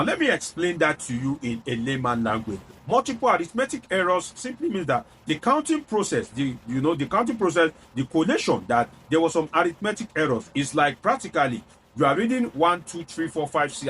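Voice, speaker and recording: Nigerian man giving lively political commentary. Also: on the high side, slight background noise. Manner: explanatory, repeats key figures for emphasis. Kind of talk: spoken political analysis.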